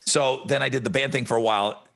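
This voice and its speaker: A man's voice: mid-range voice, steady tone, fast talker, vocal fry, a bit bright. A man co-hosting a podcast, telling stories in a laid-back, wry casual chat. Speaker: podcast co-host.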